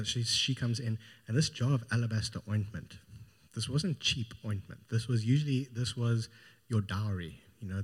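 A man's voice: fairly low pitch, darkish tone. A man preaching a sermon, retelling a Gospel story in an informal, storytelling way. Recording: long hall reverb.

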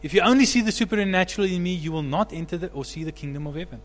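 A male pastor preaches a sermon very fast and with animated energy, climbing to loud, emphatic peaks. His fairly high voice rings out with the long echo of a church hall.

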